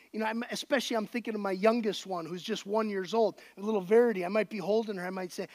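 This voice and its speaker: A male pastor giving a conversational, animated sermon to his congregation. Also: sits high, quick pace, hardly any pauses.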